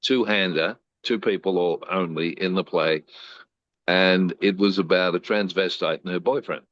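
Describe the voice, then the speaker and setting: Deep-voiced older man telling stories. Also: moderate pace, no echo, muffled recording. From Australia. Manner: animated storyteller who acts out quoted lines. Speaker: interview guest. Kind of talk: anecdotal interview storytelling.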